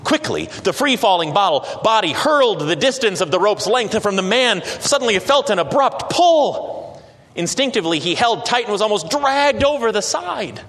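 A man narrating a story slowly and dramatically, with occasional hesitations. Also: high voice, sing-song, fairly bright tone. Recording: long reverb.

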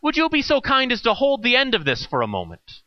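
A man voicing a stranger who speaks in a calm, polite but insistent way. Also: very high-pitched, brisk, dull audio, full character voice.

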